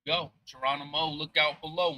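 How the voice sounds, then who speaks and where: Casting: upbeat male pool commentator, slightly high, very bright, rambling and animated. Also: moderate pace. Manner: animated, rambling, motivational ranting. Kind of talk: live stream commentary. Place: sports bar. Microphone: booth microphone.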